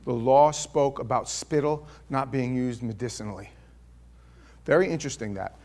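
An older male pastor preaching a sermon, telling stories with rhetorical questions and swinging from loud bursts to hushed, quiet passages. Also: medium pitch, normal speed.

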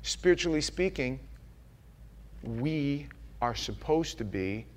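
Slow-preaching man with a raised voice. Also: a little high, expressive, a little hiss or hum. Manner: earnest, conversational preaching that acts out quoted voices. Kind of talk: sermon. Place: church.

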